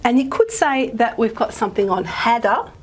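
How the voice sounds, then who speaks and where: A woman's voice: a little high, lively intonation, moderate pace, a little hiss or hum. A woman giving a pre-recorded linguistics lecture, thinking aloud and dropping to a murmur as she writes on the board. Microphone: microphone she wears.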